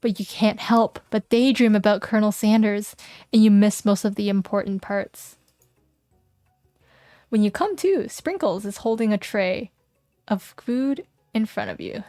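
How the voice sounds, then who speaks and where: A woman's voice: medium pitch, a little slow, mellow, dry recording, faint music behind. A young woman streaming, reading a game aloud, playful and joking with chat on a close mic. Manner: playful and giggly, jokes with chat. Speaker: vtuber streamer.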